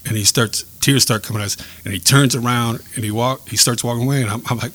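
A man sharing a personal faith story in a podcast chat, earnest and reflective, pausing and restarting as he speaks. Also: medium pitch, fairly even intonation, fairly bright tone. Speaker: guest telling a faith story.

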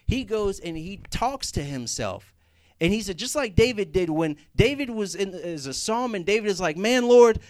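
A man's voice: on the high side, dry recording. A young man preaching a sermon in a conversational way, rising to emphatic Scripture reading.

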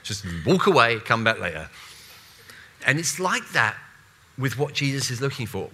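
A man preaching a sermon in a conversational, animated way, with playful asides and voiced quotes. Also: mid-range voice, normal speed, long pauses, a little hiss or hum.

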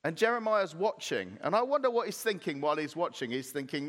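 A man preaching a sermon as pastor, animated, acting out playful voices in his retelling. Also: on the high side, a little fast, long reverb tail. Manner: animated, acts out voices of clay and potter.

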